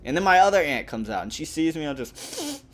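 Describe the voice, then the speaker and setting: A young man hosting a gaming channel, telling a rambling, animated story over gameplay with plenty of fillers. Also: fairly high pitch, fast.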